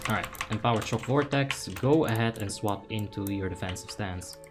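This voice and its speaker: A young man from the Netherlands doing casual live gameplay commentary, reading chat aloud with excited bursts. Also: lowish voice, moderate pace, music in the background. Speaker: game streamer.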